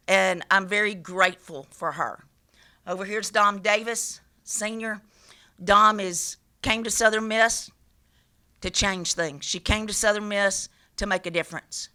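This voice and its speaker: Bright-voiced, emphatic woman coach. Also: medium pitch. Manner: emphatic, passionate, repeats key phrases. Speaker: head coach. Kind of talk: press conference remarks. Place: press conference room.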